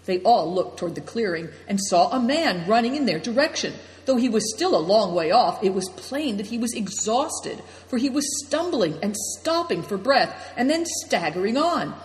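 Lively audiobook narrator in an echoey room. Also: medium pitch, normal speed, hardly any pauses. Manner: lively, expressive storytelling. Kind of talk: scripted narration. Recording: roomy echo with long reverb.

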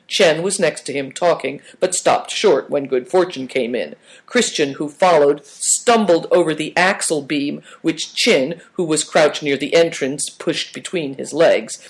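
A man reading a story aloud as narrator, in a measured storytelling manner. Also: on the high side, creaky. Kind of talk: audiobook narration.

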